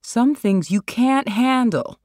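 An author reading a story aloud and voicing a frightened, indignant woman with shrill, exasperated outbursts. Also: animated, slow, a little mellow, no echo, studio quality.

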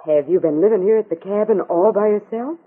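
Woman doing nervous young girl, husky, old tinny radio. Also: mid-range voice, brisk, lightly acted. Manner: hesitant, nervous. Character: nervous young impostor granddaughter. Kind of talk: 1950s radio drama acting.

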